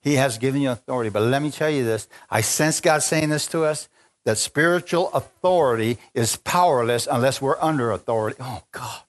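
Man, preacher, spontaneous sermon, fervent, swings from low murmurs to high exclamations. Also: brisk. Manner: fervent, rising to exclamations and calls to the congregation. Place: large church with a congregation.

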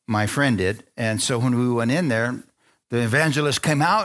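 A man's voice: medium pitch, moderate pace, fairly bright tone. A middle-aged man preaching, telling his own story and acting out the voices, calling on the crowd for amens. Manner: storytelling, acts out dialogue, asks the crowd for amens. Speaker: preacher giving testimony. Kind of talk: sermon testimony.

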